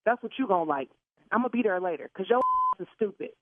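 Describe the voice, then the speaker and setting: A woman on a phone call with a radio show who swears, shouts and laughs loudly. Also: mid-range voice, animated, fast talker, background noise. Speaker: prank call target. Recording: dry tinny phone line.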